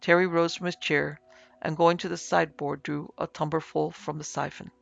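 A man narrating a ghost story in a steady storytelling manner, over a faint music bed. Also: on the high side, moderate pace, vocal fry, dry recording, lo-fi sound.

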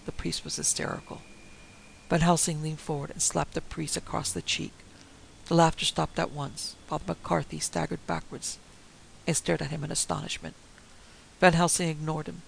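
A man narrating a story in a steady, theatrical manner. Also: on the high side, creaky, rough recording. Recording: faint hiss.

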